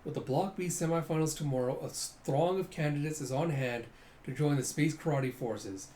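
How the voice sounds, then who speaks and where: A man casually reading through a comic, narrating in an excitable way, constantly saying "you see" and "he's like.". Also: medium pitch, normal speed, slight background noise. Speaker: comic reader.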